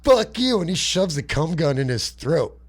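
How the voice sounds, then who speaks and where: A man co-hosting a comedy podcast, telling a crude, profane, animated story and putting on voices for its characters. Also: a little high, normal speed, slightly rough. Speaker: podcast co-host.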